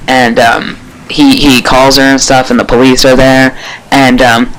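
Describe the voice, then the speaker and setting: A man giving a casual spoken episode review, rambling and excitable, with lots of fillers and casual swearing. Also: mid-range voice, measured pace, rough recording.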